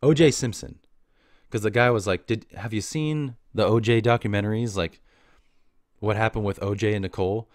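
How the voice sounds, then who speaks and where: In a casual rambling monologue, a podcast host with a fairly low voice spins wandering stories full of slang, frequently laughing at himself. He speaks at normal speed, recorded dry in studio quality.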